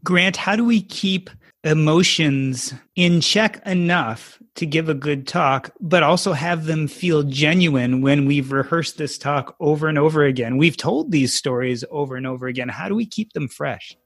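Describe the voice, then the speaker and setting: A man's voice: on the high side, moderate pace, a bit bright. A man hosting a podcast panel, asking his guests conversational questions. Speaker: podcast host. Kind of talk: casual podcast interview.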